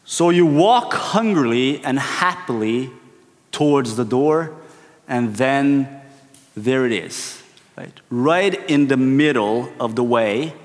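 A man preaching in a relaxed, anecdotal way, drawing his listeners in with frequent check-ins. His voice sits at a middling pitch for a man. A long reverb from a large hall rings after his words. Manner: storytelling, keeps checking in with "right?". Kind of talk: conversational sermon opener.

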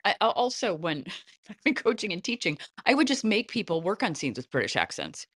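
A middle-aged woman casting director giving animated, chatty advice in an interview, often breaking into light laughs. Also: medium pitch, fairly quick, husky, no room sound, clean studio sound.

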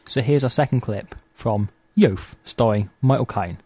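A man's voice: mid-range voice, unhurried, mellow, slightly rough. Chatty male podcast host. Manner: rambling, laughing, filler-heavy. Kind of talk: casual comedy chat.

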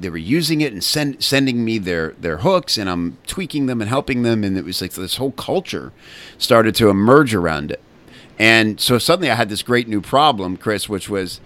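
A man with a very deep voice talks through his story as a guest on an interview show. He speaks candidly, often stopping to restart a thought and filling pauses with "uh" and "you know.". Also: fairly bright tone. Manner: candid, halting, many restarts and fillers. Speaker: guest, copywriting community founder.

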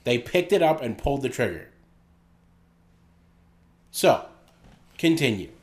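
Guy on a podcast, joking around, telling stories, mid pitch. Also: sing-song, measured pace. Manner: joking, teasing. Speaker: podcast co-host. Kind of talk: casual chat.

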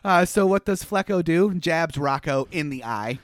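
A man co-hosting a podcast, recapping a cartoon in animated, rambling casual chat with lots of fillers. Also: a little high, normal speed, no room sound, clean studio sound. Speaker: podcast co-host.

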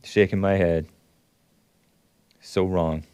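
A man hosting a call-in talk show, ranting sarcastically and reacting with quick laughs and asides. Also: deep voice, smooth, no room sound. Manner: animated, sarcastic, swings loud and soft, laughs at his own jabs.

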